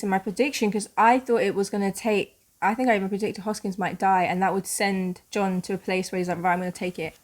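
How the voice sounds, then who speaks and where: A British woman in casual conversation about a TV episode, her voice sitting at an ordinary middle pitch. She talks ideas through carefully and at length, with a reflective, analytical manner. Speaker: reaction channel co-host. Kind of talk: casual reaction chat.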